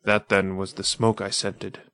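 A man voicing a stern wandering swordsman who speaks softly and soothingly, in old-fashioned phrasing. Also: low-pitched, level tone, unhurried, clear, resonant tone, dry recording, clean studio sound, exaggerated voice. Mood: gentle, grave. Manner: soft, soothing, archaic speech. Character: grim wandering swordsman, gentle with the weak. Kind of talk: audiobook character voice.

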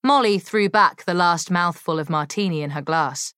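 A woman reading a novel aloud as narrator, in an expressive, unhurried way. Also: fairly low pitch, clear, resonant tone, no room sound, studio quality. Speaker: audiobook narrator. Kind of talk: scripted narration.

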